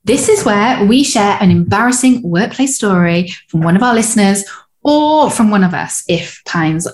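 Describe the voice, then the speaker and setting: A woman co-hosting a coaching podcast, chatting casually and reading a listener's story aloud. She sounds upbeat and playful. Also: mid-range voice. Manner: upbeat, playful, slips into quick voices for inner characters. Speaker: podcast co-host.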